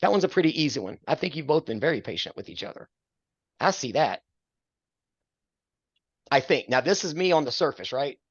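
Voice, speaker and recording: A man's voice: fairly high pitch, big pitch swings, a little fast, long pauses, slightly rough, dry recording, dull audio. An older man counseling a married couple, earnest and preacherly, quoting scripture with a self-deprecating streak. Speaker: marriage mentor.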